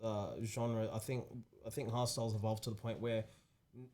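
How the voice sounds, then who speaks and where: A man's voice: lowish voice, little pitch movement, mellow. A man co-hosting a podcast, talking casually with frequent restarts. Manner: halting, many restarts and fillers. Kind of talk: casual chat.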